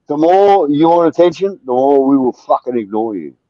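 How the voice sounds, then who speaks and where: A ranting Australian man who swears in nearly every sentence and bulldozes over the other voices. His voice sits a little high for a man. The audio is dry and dull, like lo-fi stream sound. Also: lively intonation, moderate pace, warm tone, no room sound. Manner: swears constantly, ranting and aggressive. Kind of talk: heated livestream panel talk.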